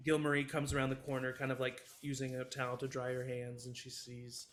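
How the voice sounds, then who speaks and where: Relaxed man narrating a tabletop game. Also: mid-range voice, a little fast. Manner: relaxed, with frequent filler sounds. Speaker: game master.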